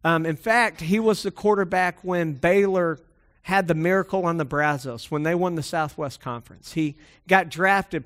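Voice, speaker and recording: A man preaching a sermon that starts as a personal story and builds to emphatic exhortation, speaking to a room that is also streamed online. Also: a little high.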